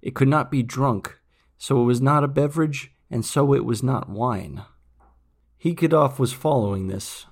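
Male narrator, gravelly, mid pitch, measured solemn reading. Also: darkish tone. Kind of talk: scripted storybook narration.

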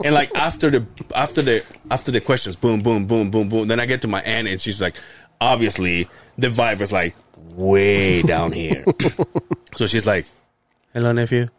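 A young man co-hosting a casual podcast, telling a family story in an animated way, acting out his relatives' voices and swearing freely. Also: fairly low pitch, normal speed. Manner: laughs hard and often. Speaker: podcast co-host.

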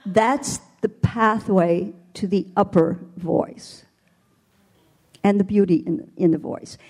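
An older woman with a mellow, relaxed voice speaks as a voice teacher. She explains her coaching thoughtfully and demonstrates with playful vocal imagery. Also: medium pitch, takes it slowly. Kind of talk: panel interview answer.

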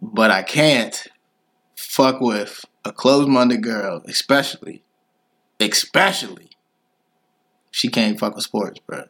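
A young man co-hosting a casual podcast chat, slangy, joking and relaxed. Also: mid-range voice, slow, long pauses. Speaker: podcast co-host.

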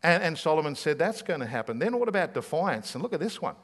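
A man's voice: on the high side, sing-song, quick pace, fairly bright tone. A man, a pastor preaching a sermon in a conversational way, full of rhetorical questions.

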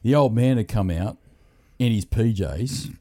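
A man, telling family stories to podcast co-hosts in an animated, swearing, laughing manner. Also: on the low side, a little slow. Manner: animated, profane, laughing storyteller. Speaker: podcast host. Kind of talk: casual storytelling chat.

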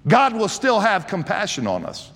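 A man's voice: high-pitched, wildly swooping pitch, normal speed, fairly bright tone, big-room sound. A man in his sixties preaching a sermon, swelling with fervor and often restarting his sentences. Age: 60s. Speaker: pastor.

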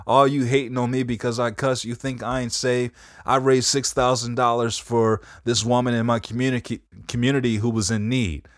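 A man's voice: mid-range voice, flat delivery, normal speed, dry recording, clean studio sound, voice pushed up, close to an everyday voice. A man putting on the voice of a defiant, profane older preacher who rants and swears. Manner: brash, swearing, preachy ranting.

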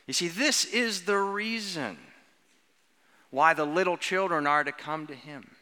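A pastor with a fairly high, bright voice gives an earnest sermon. He stretches out key words and asks questions of the children. His voice rings through a church with a long reverb. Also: measured pace, clear, resonant tone. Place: church sanctuary.

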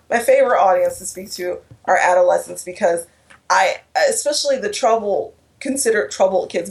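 A woman's voice: mid-range voice, gravelly, a little mellow. A woman telling an emotional personal story in an interview, earnest, with restarts and quoted dialogue. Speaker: guest speaker.

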